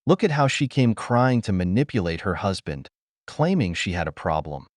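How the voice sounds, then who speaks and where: A man's voice: on the low side, sing-song, normal speed, no room sound, clean studio sound. A man giving scripted reaction commentary, preaching to viewers he calls brothers.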